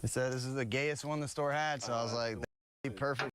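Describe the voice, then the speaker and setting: A young man vlogging with friends in casual, excitable chat, often shouting and laughing, recorded outdoors and in a vehicle. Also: mid-range voice, fast, a crowd in the background. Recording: loud background noise.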